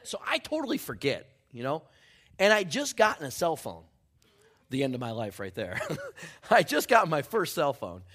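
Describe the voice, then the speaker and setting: A man preaching a sermon as a church pastor, telling a story with jokes and growing quiet and hushed toward the close. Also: fairly high pitch, huge pitch swings, moderate pace, husky. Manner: storytelling, joking, then softening to a hushed close.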